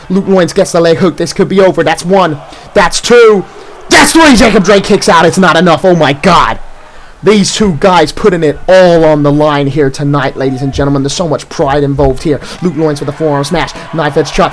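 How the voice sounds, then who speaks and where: A man calling a wrestling match play by play, shouting out near-falls and big moves. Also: fairly high pitch, a little hiss or hum, poor audio. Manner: rapid move-by-move calls, shouting near-falls. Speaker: play-by-play commentator. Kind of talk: excited wrestling commentary.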